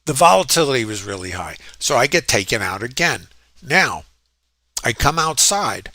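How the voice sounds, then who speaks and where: Man as trading educator, bright voice, dry close mic, thinking aloud with restarts. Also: mid-range voice, very animated, moderate pace, dry recording. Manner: reflective, stresses points, many fillers and restarts. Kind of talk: screen-share trading walkthrough.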